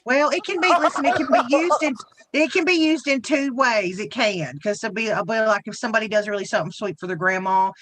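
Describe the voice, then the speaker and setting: A woman's voice: on the high side, brisk, a bit bright. Folksy Southern woman chatting on a livestream. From Southern United States. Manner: chatty, folksy, rambling with frequent restarts. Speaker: co-host. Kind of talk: casual livestream round-table chat.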